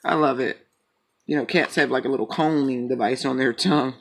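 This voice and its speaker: A man's voice: medium pitch, steady tone, fairly quick, creaky. A man rambling casually in a joking, profane manner as he chats and reads tarot cards. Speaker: tarot reader. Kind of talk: casual chat and tarot reading.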